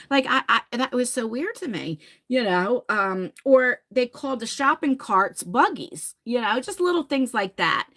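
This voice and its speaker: Lively, chatty Jersey woman. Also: a little high, a little slow. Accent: New Jersey. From New Jersey. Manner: rambling and chatty, laughs and swears casually. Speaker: livestream host. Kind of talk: casual chat with viewers.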